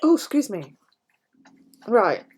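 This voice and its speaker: A woman's voice: fairly high pitch, very animated, takes it slowly, darkish tone, breathy edge. A British woman vlogger chatting casually to her viewers, swearing freely and laughing often. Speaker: planner vlogger. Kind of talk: casual chat to live viewers.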